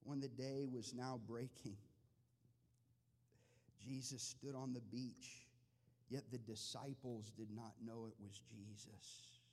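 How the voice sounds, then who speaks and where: Impassioned preacher in a reverberant hall. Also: male voice, medium pitch, steady tone, slow pace. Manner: impassioned, swings from quiet to shouting. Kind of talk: sermon. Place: large church hall.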